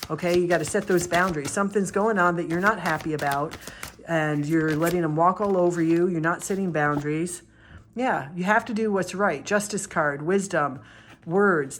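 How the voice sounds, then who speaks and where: A woman reading tarot cards in a casual, blunt, animated way, swearing freely and acting out confrontations. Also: lowish voice, a little hiss or hum. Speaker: tarot reader and life coach.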